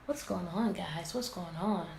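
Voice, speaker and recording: A woman teacher reading a picture book aloud to her class, animated and asking many questions. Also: on the low side, a little slow, gravelly. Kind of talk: interactive read-aloud lesson. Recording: echoey room, faint background noise.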